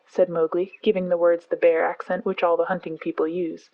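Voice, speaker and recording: A woman with a fairly low voice reads a bedtime story aloud, calm and even. The recording has a slightly dull, lo-fi sound. Her narration is steady and unhurried. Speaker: audiobook narrator.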